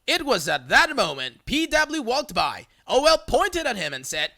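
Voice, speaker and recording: A narrator reading a reddit story aloud in a lively, playful storytelling manner. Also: medium pitch, moderate pace, hardly any pauses, no room sound, studio quality.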